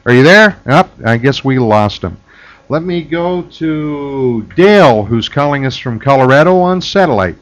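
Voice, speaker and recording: A man's voice: mid-range voice, expressive, unhurried. Emphatic male radio talk show host. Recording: dull lo-fi radio broadcast.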